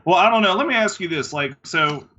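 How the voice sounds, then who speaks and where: A man playing in a tabletop game, casual and joking, thinking out loud about his moves. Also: high voice, expressive, fairly quick, highs cut off. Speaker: player.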